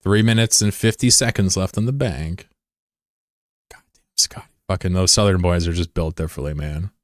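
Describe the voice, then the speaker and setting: A man streaming a game and chatting casually, rambling and swearing, who jumps into high-pitched shouting when something excites him. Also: moderate pace, no room sound, clean studio sound. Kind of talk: casual live-stream chat over gameplay.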